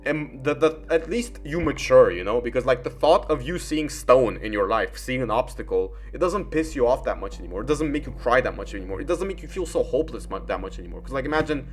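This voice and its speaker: A young man rambles through casual gaming commentary. He leans on "like" and curse words, with a middling pitch. Soft music sits under his voice. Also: animated, fast talker, hardly any pauses. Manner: rambling, heavy fillers and swearing.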